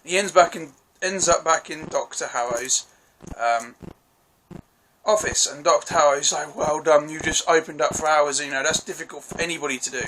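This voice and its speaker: A man's voice: a little high, moderate pace, noisy background. A man casually reviewing a TV episode, chatty and apologetic as he recaps scenes with quoted lines. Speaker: TV show reviewer.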